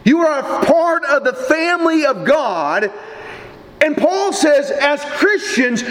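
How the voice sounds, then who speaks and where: Casting: a high-pitched male pastor, slow, deliberate and lively, with a long echoey hall reverb. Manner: animated storytelling preacher, deliberate. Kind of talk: sermon.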